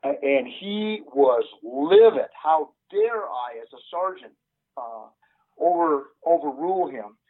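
An older man, a retired police sergeant, telling a story in an interview in an earnest, halting way with many "uh" fillers. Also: on the high side, lively intonation. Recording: tinny phone line.

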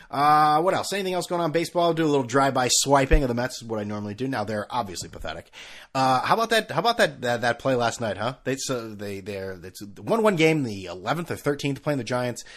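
A man's voice: medium pitch, a bit bright. Guy doing a solo sports podcast, rambly and sarcastic, voice jumping all over the place. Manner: rambling, sarcastic, frequent restarts and fillers. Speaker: podcast host.

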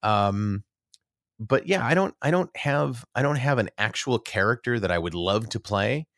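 A man's voice: medium pitch, expressive, normal speed, fairly bright tone, no echo, studio quality. A middle-aged man, an actor, telling rambling, self-deprecating stories in a casual interview, with many restarts.

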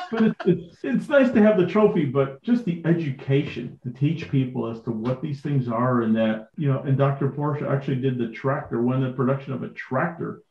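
A middle-aged man, a podcast guest, telling casual stories with lively acted-out dialogue and frequent laughs. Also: medium pitch, moderate pace, hardly any pauses. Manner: animated, acts out quoted dialogue, laughs often. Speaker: guest, vintage tractor collector. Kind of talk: casual anecdotal storytelling. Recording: echoey, dull lo-fi audio.

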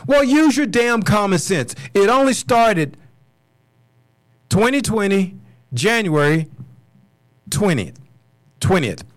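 A fired-up American man with a fairly high voice rants on his podcast, blunt and cursing, hammering the same words over and over. The sound is dry and close, with no room around it. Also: lively intonation, slow, pauses often, no room sound. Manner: angry, blunt, swearing, repeats himself. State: furious. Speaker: podcast host. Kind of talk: solo political podcast rant.

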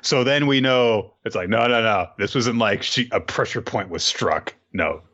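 A man's voice: on the low side, moderate pace, fairly bright tone. Wry man on a slightly dull mic. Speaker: podcast co-host. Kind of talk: casual anime recap chat.

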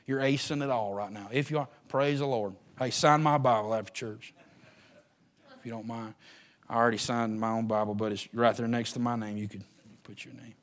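A man preaching a sermon to his church. He swings from shouted, drawn-out lines to quiet, fast, joking asides. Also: medium pitch. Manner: folksy, joking. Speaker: pastor. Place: church sanctuary.

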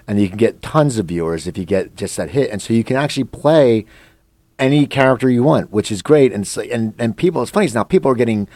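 A man's voice: medium pitch, animated, quick pace, darkish tone, dry recording. A man hosting an interview, asking rambling questions with restarts in a casual way. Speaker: interview host.

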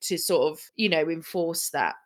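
A woman's voice: deep voice, normal speed, crowd noise. A woman in casual chat, wry and frank, laughing easily and swearing. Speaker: podcast co-host.

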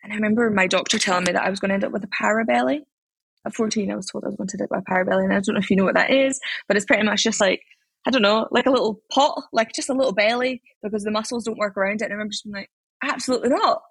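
A Scottish woman in her twenties, chatting in an interview and telling stories in an animated way with lots of fillers. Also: mid-range voice, rapid-fire, vocal fry, husky, no echo. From Scotland. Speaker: interviewee, athlete. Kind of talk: casual interview chat.

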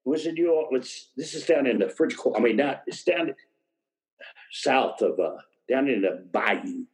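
A man's voice: medium pitch, expressive, normal speed, low-quality recording. An older man, a retired wrestler, telling rambling road stories in a casual interview and chuckling as he goes. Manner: rambling anecdotes, chuckles mid-sentence.

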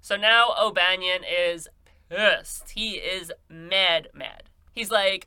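A woman's voice: on the low side, steady tone, slow, bright, forceful tone, clean tone, dry recording. A woman telling a crime story in a chatty, sarcastic, profane way, as a podcast host. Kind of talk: casual true-crime storytelling.

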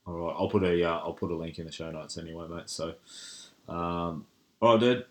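A man's voice: deep voice, fairly even intonation, fairly quick. An Australian man hosting a podcast, chatting casually and calling his guest mate. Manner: laid-back, says mate a lot. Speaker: podcast host.

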